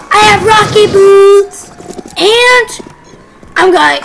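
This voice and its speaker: A woman with a very high, squeaky voice commentates on her own gameplay at an unhurried pace. She squeals and shouts when excited and drops to whispered asides. Clear background noise runs under the recording. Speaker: gaming channel host. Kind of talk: game commentary.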